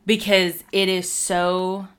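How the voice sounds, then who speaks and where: A woman's voice: lowish voice, level tone, takes it slowly. A woman in her thirties from Texas with a Texan accent, talking earnestly and emotionally as a guest in a casual interview. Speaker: guest writer.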